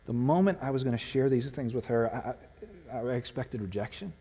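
A man's voice: mid-range voice, fairly quick, few pauses, warm tone, slightly rough. A man preaching a sermon as pastor of a church, earnest and emotional, building to fervent emphasis. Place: church sanctuary. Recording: long hall reverb.

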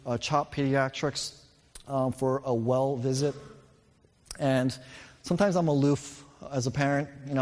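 Male pastor, 30s, earnest emphatic storyteller, mid-pitched voice, church reverb. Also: a little mellow. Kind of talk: sermon. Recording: reverberant hall.

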